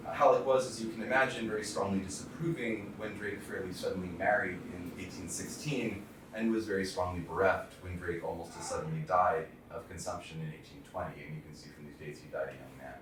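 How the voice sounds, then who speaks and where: Man, very low voice, relaxed lecturer, halting delivery, recorded far off in a very echoey room with faint hiss. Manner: loose, hesitant lecturing with many ums and restarts. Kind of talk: public talk on poetry, reading aloud.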